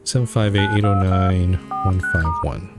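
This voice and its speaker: Male streamer thinking aloud through a puzzle, lowish pitch, reads on-screen text aloud. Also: steady tone, a little slow. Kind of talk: let's play commentary.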